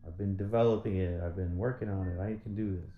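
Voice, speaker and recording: A man's voice: low-pitched, steady tone, quick pace, roomy sound, phone-quality sound, a little hiss or hum. A man talking in a casual monologue, rambling and swearing as he rants in frustration. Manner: rambling, profane, frustrated ranting. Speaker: vlogger.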